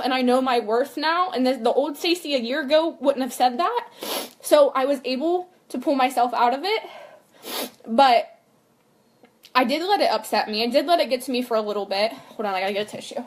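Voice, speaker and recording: A young woman and mother talking candidly in a personal vlog, earnest and rambling, full of fillers and "like". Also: sits high. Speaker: vlogger and mother.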